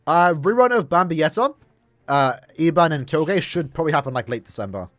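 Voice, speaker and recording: Young guy streaming, bit high voice, rambly chat, music going underneath. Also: lively intonation, fairly quick, no echo. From Ireland. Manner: rambling, restarts often, talks to chat. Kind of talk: casual gaming livestream chat.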